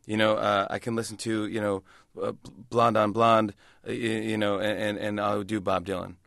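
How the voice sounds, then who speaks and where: A man in his forties telling an anecdote in a casual interview, animated and slipping into quick voices of others. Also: lowish voice, gravelly, no room sound, clean studio sound. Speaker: talk show host and impressionist.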